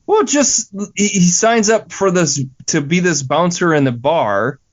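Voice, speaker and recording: A man's voice: high-pitched, expressive, unhurried. A man co-hosting a podcast, chatting casually about a film, swearing freely and getting incredulous. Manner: exasperated, swears freely, rising to incredulous outbursts. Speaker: podcast co-host. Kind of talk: casual movie-review chat.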